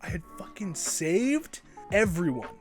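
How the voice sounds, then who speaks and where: A man's voice: high voice, sing-song, measured pace, soft background music. A young man telling an exaggerated comic story for his vlog, swearing freely and building it up like an epic battle. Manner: profane, exaggerated, mock-epic. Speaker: vlogger. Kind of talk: comedic storytime monologue.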